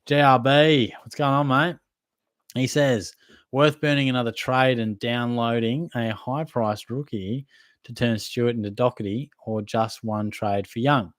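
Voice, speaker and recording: Hosting a live Q&A for his fantasy football podcast, an Australian man reads out questions from viewers and answers in a laid-back, matey, chatty way full of hedging fillers. His voice is medium-pitched and fairly even, his pace unhurried, with no echo.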